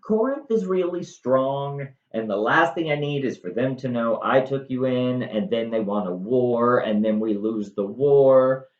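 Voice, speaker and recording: A man's voice: mid-range voice, unhurried, few pauses, a little mellow, natural voice. A man doing a hesitant new king. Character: awkward, cautious newly crowned king. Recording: roomy, slightly muffled room sound.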